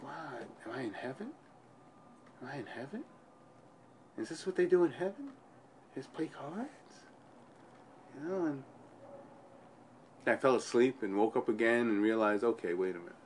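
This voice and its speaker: A man at an ordinary middle pitch tells his own story to an interviewer. His telling rambles, restarting sentences and repeating phrases as he works through it. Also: a little hiss or hum. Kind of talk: personal storytelling in conversation.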